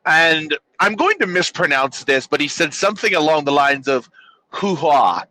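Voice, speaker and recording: Wry, bright-toned podcast co-host. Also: male voice, a little high, sing-song, moderate pace, rough recording. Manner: wry, joking asides. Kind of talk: casual chat.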